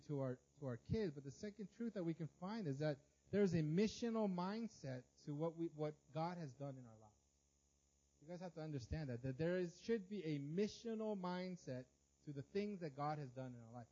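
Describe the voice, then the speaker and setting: Man preaching in a mellow, lo-fi recording. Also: fairly high pitch, expressive, brisk. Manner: conversational preaching with fillers and rhetorical questions. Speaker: pastor. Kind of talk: sermon.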